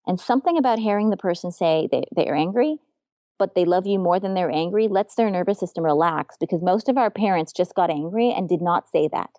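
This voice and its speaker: A woman's voice: on the low side, animated, fairly quick, dark tone, no echo, clean studio sound. A woman relationship coach talking in an earnest, frank and emphatic way during a podcast interview.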